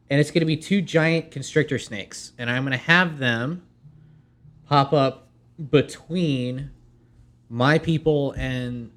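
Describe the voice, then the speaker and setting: A man playing a tabletop role-playing game, thinking aloud and reading out spell rules. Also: mid-range voice. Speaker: player. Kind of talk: casual tabletop role-play chat.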